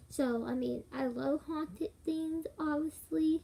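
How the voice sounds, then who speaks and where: A woman's voice: high voice, fairly even intonation, unhurried, vocal fry, few pauses, mellow. A young woman vlogger, casually rambling through a ghost story with lots of fillers and giggles.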